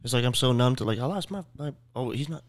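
Young male podcast guest, mid-pitched, halting and slangy. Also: expressive. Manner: halting, restarting, slangy and candid. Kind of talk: casual podcast chat.

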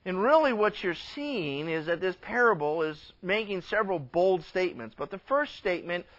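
A male pastor preaching a sermon, telling a parable with lively storytelling and briefly acting out the characters' lines. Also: high-pitched, normal speed, lo-fi sound.

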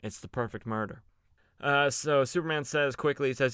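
Chatty man recapping comics, crisp and dry. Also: medium pitch, a little fast, fairly bright tone, dry recording. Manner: loose and chatty, many fillers, playful voices for quoted characters. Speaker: podcast host recapping comics. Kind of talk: casual comic recap with acted quotes.

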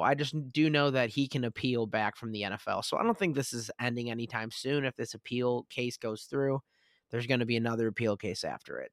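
A man's voice: mid-range voice, a bit bright, no echo. Opinionated male sports podcaster, dry sound. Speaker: podcast co-host. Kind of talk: casual sports chat.

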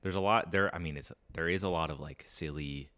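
A young man with a very low voice co-hosts a relaxed podcast, rambling upbeat with plenty of ums. His voice sounds tired and cracks now and then. The sound is dry and close. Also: fairly quick, no echo. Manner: rambling, upbeat, lots of fillers. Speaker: podcast co-host. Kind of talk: casual podcast chat.

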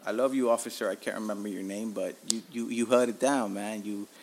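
A man's voice: on the low side, brisk. Profane storytelling podcast host, a man. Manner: profane, animated, tells stories with acted-out quotes. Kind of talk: casual storytelling monologue.

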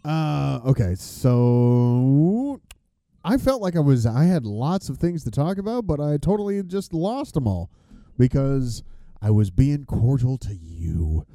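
Male host, dark voice, swings up and down a lot, swears, wanders off topic; dry close sound. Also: medium pitch, sing-song, slow pace, dry recording. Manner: rambling, profane, loses his train of thought. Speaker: podcast host. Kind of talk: casual chat.

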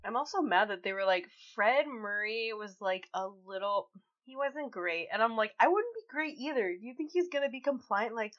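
A woman's voice: fairly high pitch, animated, moderate pace, a bit bright. A woman co-hosting a podcast, chatting bluntly. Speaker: podcast co-host. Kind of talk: casual true-crime chat. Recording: dull lo-fi sound.

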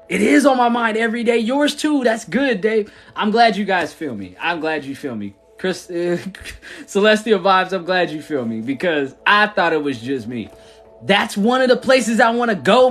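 A man's voice: sits high, fairly bright tone. A man who founded a church chats casually on a livestream, answering viewers with slangy talk and frequent laughter.

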